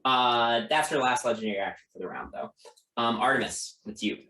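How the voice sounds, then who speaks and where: A game master narrating a tabletop game in a relaxed way, with many ums. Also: mid-range voice, a little fast. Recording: echoey room.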